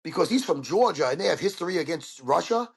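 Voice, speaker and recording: A man, a podcast guest, telling stories in an excitable, profane way and acting out the quotes. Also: a little high, fast, gravelly, husky. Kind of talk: animated storytelling chat.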